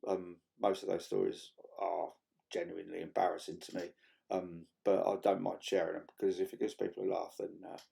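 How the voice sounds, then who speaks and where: Talking loosely to camera, this man vlogs with plenty of swearing, ums, and restarted sentences. He speaks in a low, monotone voice with vocal fry and a warm tone.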